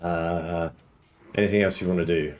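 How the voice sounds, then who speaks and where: A man running a tabletop game as game master, relaxed and chuckling, often clearing his throat. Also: sits low, moderate pace. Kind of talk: narrating a tabletop game over a call.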